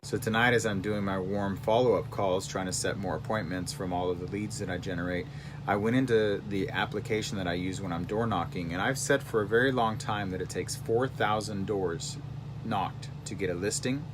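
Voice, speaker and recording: A man's voice: sits low, moderate pace, background noise. Hyped man vlogging outdoors by a street. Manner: hyped, self-promoting, storytelling. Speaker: real estate agent. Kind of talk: casual vlog to camera.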